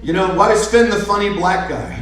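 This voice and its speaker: High-voiced man, profane sarcastic stand-up rant, very echoey room, far from the mic. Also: lively intonation, a little fast, a bit bright. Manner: ranting, sarcastic, heavy swearing. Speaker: stand-up comedian. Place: live comedy venue.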